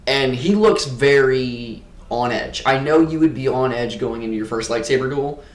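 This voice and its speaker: A man co-hosting a fan podcast in a relaxed, chatty way. He thinks out loud, starting over and filling gaps with ums. His voice sits at an ordinary middle pitch, and the room around him is noticeably echoey. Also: moderate pace. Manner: thinking aloud, lots of fillers and restarts. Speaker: podcast co-host. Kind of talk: casual chat. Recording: roomy echo.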